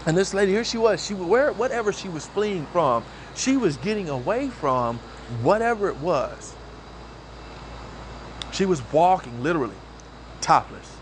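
A man telling a story in a casual, animated monologue, often repeating words as he goes. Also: high voice, moderate pace. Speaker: vlogger. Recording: faint outdoor street noise.

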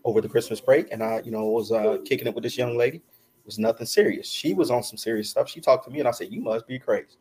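A man's voice: medium pitch, fast, darkish tone, husky. A middle-aged man, a podcast guest, telling a long personal story in casual chat, laughing often and acting out what people said.

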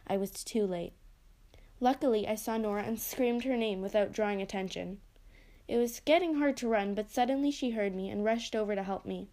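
A woman reading a first-person story aloud with expressive narration. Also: medium pitch, fairly quick.

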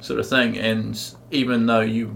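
A man's voice: lowish voice, level tone, measured pace, vocal fry, a bit bright. A man hosting a casual podcast chat, asking laid-back questions. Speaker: podcast host.

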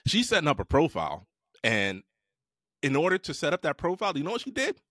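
A man co-hosting a podcast, ranting and joking loudly with lots of swearing. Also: a little high, huge pitch swings, quick pace, dry recording, studio quality. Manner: loud, profane, joking rants. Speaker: podcast co-host. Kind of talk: casual podcast chat.

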